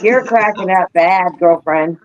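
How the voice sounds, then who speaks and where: A woman's voice: lowish voice, unhurried. A woman in a casual group chat, teasing and familiar, calling friends honey. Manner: teasing, familiar, calls others honey and girlfriend. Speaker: guest in a live chat. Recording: dull lo-fi line with faint hiss.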